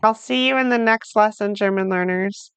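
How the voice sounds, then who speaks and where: A woman's voice: medium pitch, normal speed, fairly bright tone, smooth, no room sound. A woman teaching a beginner language lesson, patiently saying each phrase and then repeating it for learners. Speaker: German teacher. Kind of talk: slow, clearly articulated beginner language lesson.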